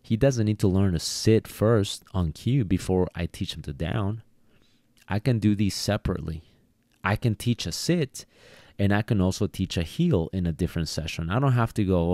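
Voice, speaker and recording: A man teaches dog training in a solo podcast lesson, speaking casually, repeating words, and acting out bits of quoted dialogue. His low-pitched voice has a dark tone and a moderate pace, recorded at studio quality with no room sound.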